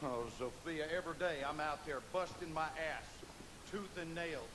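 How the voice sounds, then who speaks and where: A man's voice: on the high side, normal speed, bright, forceful tone, poor audio. An actor playing a brutal, bigoted American father with a Southern accent, talking in menacing, growling threats. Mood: angry.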